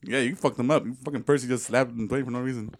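A man's voice: medium pitch, fairly even intonation, fast talker. A man hosting a podcast in casual chat, joking and swearing with rhetorical questions. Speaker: podcast host.

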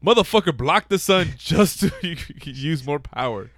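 Casual male co-host, slightly high voice, dry close sound, swears a lot, excitable. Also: measured pace, no room sound. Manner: profane, laughing, excitable storytelling. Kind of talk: casual chat.

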